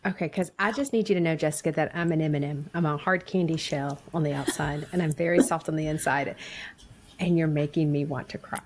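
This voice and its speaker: A woman hosting a podcast who talks effusively and emotionally and is quick to laugh. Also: low voice, steady tone, slight background noise. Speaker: podcast host. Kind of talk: podcast interview.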